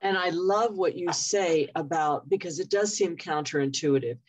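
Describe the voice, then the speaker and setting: A woman's voice: fairly low pitch, normal speed, breathy edge, poor audio. A woman hosting an interview on a video call, attentive and affirming, repeating key points back to her guest. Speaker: interview host.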